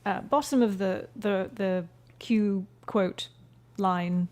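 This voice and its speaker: Woman, mid pitch, podcast co-host, casual chat, dry quips. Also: slow pace, background noise.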